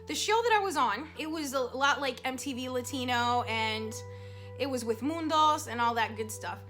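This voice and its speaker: Casting: high, bright-voiced woman, chatty vlogger storytelling with feeling, soft music underneath. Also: normal speed. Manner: animated, chatty, emotional storyteller with many fillers. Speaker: psychic vlogger. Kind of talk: casual storytelling to camera. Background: soft background music.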